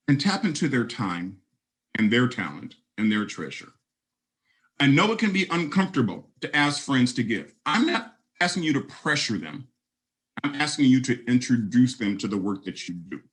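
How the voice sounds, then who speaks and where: A man in his fifties delivers a conference keynote in an animated storytelling manner. His pitch rises and falls a lot as he talks straight to the audience. He sits at a middle pitch for a man. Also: normal speed, poor audio. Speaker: keynote speaker.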